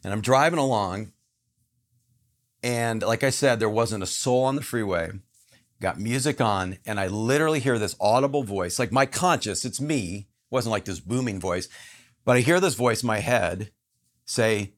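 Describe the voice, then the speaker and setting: Guy guest on a podcast, telling a story all earnest and emphatic, mid-pitched. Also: fairly quick, a bit bright.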